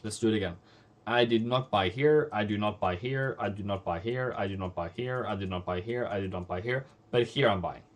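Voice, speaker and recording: A man's voice: lowish voice, a little fast. A man with Norwegian as his first language hosts a live trading stream. He scolds bluntly and repeats phrases for emphasis. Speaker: forex trading livestream host.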